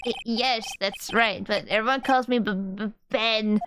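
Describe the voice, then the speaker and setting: A woman's voice: a little high, unhurried, noisy background, natural voice. Woman reading a stammering nervous ventriloquist guy. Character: timid stuttering young male ventriloquist. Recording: game music behind.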